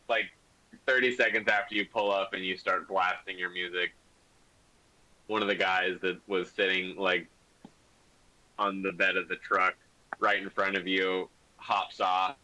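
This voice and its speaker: Slow rambling game master, bright voice. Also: male voice, low voice, poor audio. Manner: rambling, full of "like" and "um". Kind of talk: narrating a tabletop game.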